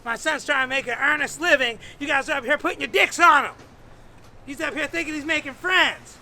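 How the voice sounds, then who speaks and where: A man's voice: very high-pitched, fairly quick, sharp tone, pitched above the performer's own voice, exaggerated voice. A man voicing an upset middle-aged single mother scolding a group of young men. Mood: indignant. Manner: indignant, scolding.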